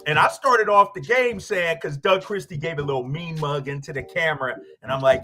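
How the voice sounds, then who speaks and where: A man hosting sports radio, ranting in a fired-up, animated way straight at rival fans. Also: fairly high pitch, normal speed, hardly any pauses. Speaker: sports radio host and team broadcaster. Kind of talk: casual sports talk rant.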